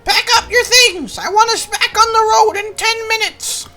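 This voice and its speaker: A woman's voice: very high voice, moderate pace, pushed and bright. A woman voicing an agitated male guard captain in a video game, barking orders.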